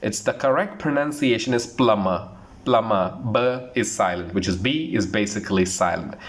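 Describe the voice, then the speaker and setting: Earnest man teaching pronunciation. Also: on the low side. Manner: earnest, repetitive, slows down to model words. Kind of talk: online pronunciation lesson.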